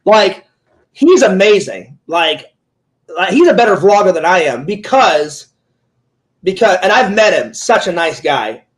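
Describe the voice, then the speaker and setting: A man's voice: high-pitched, very animated, measured pace. A talkative man interviewing a fellow streamer in casual chat, rambling through stories with many "like"s and "he goes"s.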